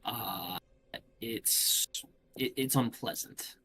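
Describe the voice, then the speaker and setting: A man narrating as game master of a tabletop game, halting with many filler sounds. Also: mid-range voice, vocal fry, sharp tone, husky.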